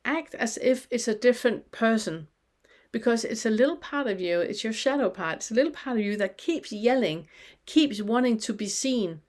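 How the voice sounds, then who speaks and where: A woman teaching a spiritual lesson, speaking slowly and gently in questions, often pausing to let listeners feel into an experience. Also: on the high side, lively intonation. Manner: slow, gentle questioning with pauses.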